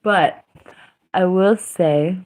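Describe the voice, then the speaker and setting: Young woman streaming, slow easygoing ramble, lowish voice, giggly, trails off. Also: darkish tone. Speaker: livestreamer. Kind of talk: casual livestream chat.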